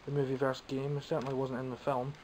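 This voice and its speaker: A Scottish toy-collector vlogger speaks quickly in a completely flat, mid-range voice with a slightly mellow quality. He casually shows off his purchased toys while making fun of himself. The audio is poor, with slight background noise.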